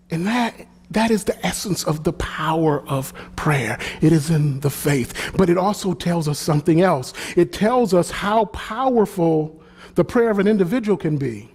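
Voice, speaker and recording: A man with a high voice preaching from the pulpit. He leans hard into key lines and circles back on his phrases as he builds his point. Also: animated, moderate pace, darkish tone, breathy edge. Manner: preaching with swelling emphasis and repeated phrases. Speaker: pastor. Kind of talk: sermon.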